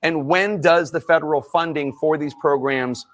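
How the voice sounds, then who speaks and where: Man in a played-back press briefing clip, slightly high pitch, measured and formal. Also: fairly even intonation.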